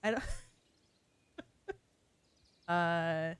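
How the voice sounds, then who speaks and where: A woman with a low-leaning, clear, resonant voice speaks extremely slowly, with no room sound. She's a game streamer chatting casually as she plays, playful and teasing and laughing at herself in a relaxed live-stream style.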